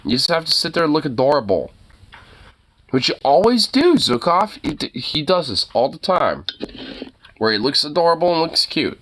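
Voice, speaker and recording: A man's voice: fairly high pitch, sing-song, normal speed, a bit bright, slight background noise. A man ranting casually late at night, swearing often and rambling with lots of fillers. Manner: profane, rambling, filler-heavy; scolding his dog, exasperated. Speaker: vlogger.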